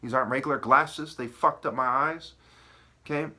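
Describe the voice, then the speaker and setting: A man's voice: medium pitch, moderate pace, bright, forceful tone. A man ranting to the camera, agitated and profane, hopping from wordplay to accusations and asking "okay?" and "right?" again and again. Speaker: video commentator.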